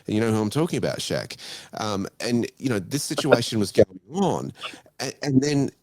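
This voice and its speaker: A man's voice: fairly low pitch, big pitch swings, normal speed, darkish tone, no room sound. A man on a casual panel chat, telling stories expressively and laughing through his complaints.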